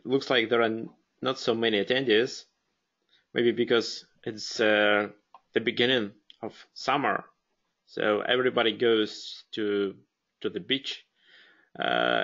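A man's voice: fairly low pitch, creaky, pushed and bright, dull audio. A man with a Russian accent hosting a live webinar, speaking hesitantly with many fillers and restarts. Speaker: webinar host.

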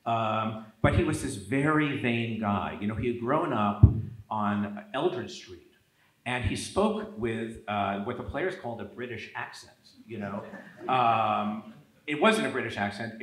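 A man, an author, in conversational talk at a public event, telling stories with lively quoted asides. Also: medium pitch, reverberant, poor audio. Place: event hall.

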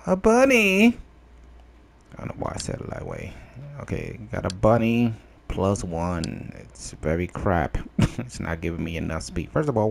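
A young man giving casual gameplay commentary, excitable, laughing often and yelping in disbelief. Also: deep voice, creaky, slight background noise. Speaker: gameplay video host.

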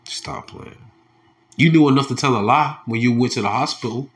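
A heated male preacher, who reads scripture in a low, slow voice and then breaks into angry, mocking street talk. He curses freely and scoffs as he preaches. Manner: heated, profane, mocking, drops to low tones reading verses. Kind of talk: scripture commentary with angry asides.

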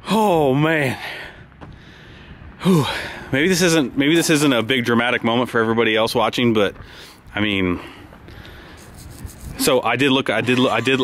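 A man vlogging outdoors in a driveway, excitable and rambling, often restarting his sentences. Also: medium pitch, slight background noise. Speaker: vlogger and truck builder. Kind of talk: casual outdoor vlog chat.

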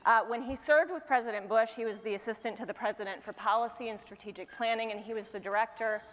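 A woman's voice: fairly high pitch, fairly even intonation, quick pace, fairly bright tone. A woman moderating a panel on stage, introducing a guest in a polite, conversational way. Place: large conference hall. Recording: reverberant hall with faint noise.

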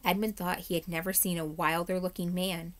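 A woman, a third-grade teacher, reading a chapter book aloud in a steady, measured way. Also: lowish voice.

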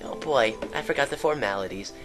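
A man's voice: medium pitch, expressive, fairly quick, music in the background, natural voice. A man voicing a creepy, bug-obsessed young princess girl in his game commentary, gushing in a breathless, sing-song squeal. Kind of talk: let's play commentary with a put-on voice.

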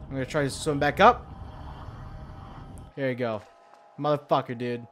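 A young man gives profane, rambling let's-play commentary, swearing a lot, muttering to himself, and now and then yelping in alarm. His medium-pitched voice is a bit bright, moves at a moderate pace, and comes with a little hiss or hum.

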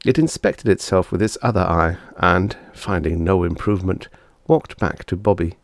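A man's voice: sits low, normal speed, few pauses, no room sound. A man reading vintage science fiction aloud as scripted audiobook narration, with a dry storytelling delivery. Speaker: audiobook reader.

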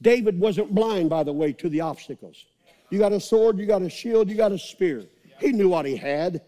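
A male pastor with a strikingly high voice delivers a sermon. He preaches with fire, shouting repeated refrains to rouse the congregation. He sounds middle-aged. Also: normal speed.

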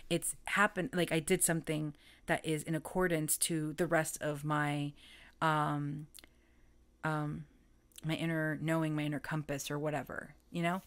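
A woman's voice: low-pitched, flat delivery, a little slow. A woman giving a casual, chatty tarot reading, rambling, self-correcting and often breaking into laughter. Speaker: tarot reader.

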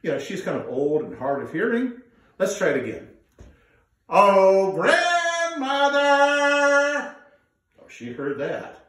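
A man telling a folk tale in an animated, drawn-out way, coaxing listeners to join in, heard in an echoey room from a distance. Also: medium pitch. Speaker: storyteller. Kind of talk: live folk storytelling with audience participation.

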